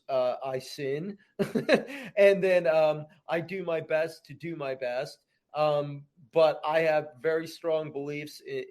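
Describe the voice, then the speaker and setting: Earnest man with a higher voice. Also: darkish tone. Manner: earnest, repeats phrases, ends thoughts with "man". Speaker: guest actor. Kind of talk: casual podcast interview.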